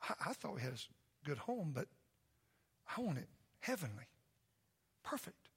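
A man who is a pastor preaching a sermon in a church, impassioned and loud at first, then soft and pleading. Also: on the high side, sing-song, moderate pace, husky. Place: church sanctuary.

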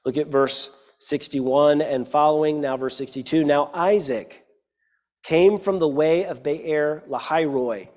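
A man's voice: a little high, measured pace, darkish tone, big-room sound. A man preaching a sermon, reading scripture aloud and then explaining it, often checking in with the listeners. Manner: reads scripture then explains it, with frequent "right?" asides.

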